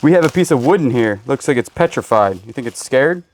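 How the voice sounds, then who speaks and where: Casual male reseller host, lively up-and-down delivery, joky asides, faint hiss and birds behind. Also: medium pitch, brisk. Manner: joking, goofy asides. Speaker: storage unit reseller host. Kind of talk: casual unboxing chat. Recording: faint background noise, birds.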